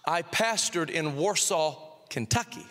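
A middle-aged male pastor with a high, bright, forceful voice preaches in a church sanctuary. The sound carries a long hall reverb. He tells stories in an animated way, repeats phrases, and acts out both sides of a conversation. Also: a little slow, a little hiss or hum. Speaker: senior pastor. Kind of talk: sermon with storytelling.

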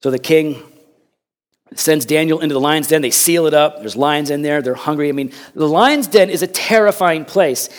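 Dramatic preacher man, fairly high voice. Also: moderate pace. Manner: dramatic, swinging between loud and hushed; repeats words when emphatic. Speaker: pastor. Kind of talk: sermon.

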